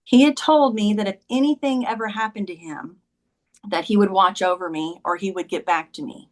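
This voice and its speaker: A woman's voice: mid-range voice, normal speed. A woman talking as a podcast guest, telling a personal story in a conversational way and often saying "like" and "he goes".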